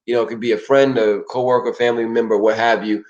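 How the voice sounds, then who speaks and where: A man co-hosting a relationship talk show, animated and acting out people in voices. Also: quick pace, muffled recording. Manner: animated, acts out people in shouted high put-on voices. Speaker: podcast co-host.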